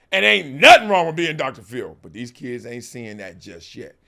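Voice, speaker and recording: The middle-aged talk show host here has a medium-pitched, gravelly, sharp voice with big pitch swings, speaking at normal speed. His animated monologue is emphatic and slangy, with frequent laughter and mocking put-on quotes of others.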